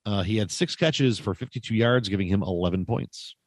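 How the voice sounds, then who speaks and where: A man's voice: on the low side, a little fast, no echo. A man co-hosting a casual sports podcast, calling out stats playfully with jokey nicknames. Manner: playful, with jokey nicknames and emphatic stat calls. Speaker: podcast co-host.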